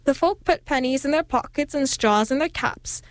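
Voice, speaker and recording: A woman reading an old folk tale aloud in a steady, expressive storytelling manner. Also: high voice, moderate pace, no room sound.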